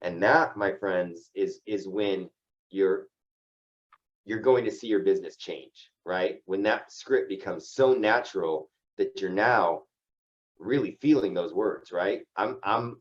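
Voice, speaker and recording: On a lo-fi recording, a fairly low-voiced man runs an insurance agency training call at normal speed. He keeps it loose and casual, frequently adding "right?" to his points.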